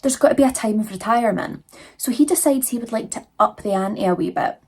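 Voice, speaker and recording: A young adult woman running a true crime channel tells the case in a brisk, slightly high, husky voice that's a little mellow. Her delivery is chatty and casual, loaded with "like" and "you know."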